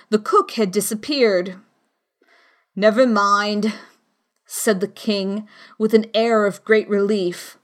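A woman reading a children's classic aloud as an audiobook narrator, in a measured way. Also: fairly high pitch. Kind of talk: storybook narration.

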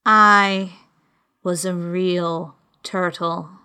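A woman voicing the Mock Turtle, a sorrowful male creature who speaks slowly in a deep, hollow, sighing voice. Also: fairly even intonation, bright, forceful tone, smooth, exaggerated voice. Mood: mournful. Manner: slow, mournful, sighing.

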